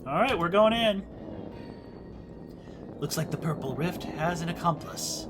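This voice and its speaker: A man's voice: on the high side, lively intonation, a little slow, music in the background. A man voicing a wry, sarcastic male detective while reading game dialogue aloud. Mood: sardonic.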